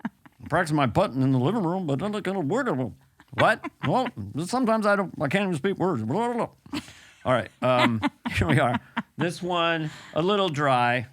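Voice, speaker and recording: A man's voice: a little high, expressive, moderate pace, fairly bright tone. A man hosting a comedy show, riffing casually and laughing at his own material. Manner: giggly, self-deprecating riffing. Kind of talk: casual chat.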